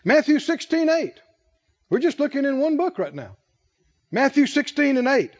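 A man preaches in a loose, conversational style, his voice pitched very high and swinging widely as he quizzes the congregation. He chuckles between points and keeps the room involved. The recording is dull and lo-fi. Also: sing-song, normal speed, darkish tone. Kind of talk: conversational sermon.

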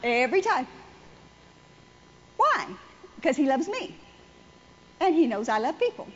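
A woman's voice: high voice, sing-song, a little slow, highs cut off. A woman preaching a conversational sermon to a congregation, repeating phrases for emphasis. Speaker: church speaker.

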